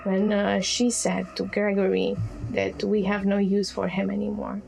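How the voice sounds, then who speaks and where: Slow, gravelly woman narrating a tabletop game. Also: medium pitch, monotone, darkish tone, slight background noise, low-quality recording. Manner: halting, with many fillers and restarts. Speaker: game master.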